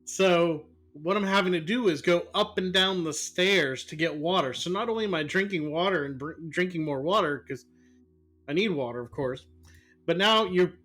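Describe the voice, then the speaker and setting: A man's voice: high-pitched, moderate pace, fairly bright tone, faint music behind. A man chatting casually on a live stream at home, exclaiming and repeating words.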